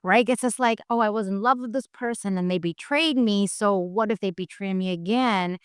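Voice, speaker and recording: Rambling woman host, mid-pitched voice. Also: normal speed, clean tone, no room sound, studio quality. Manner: rambling, filler-heavy, searching for words. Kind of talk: casual chat interview.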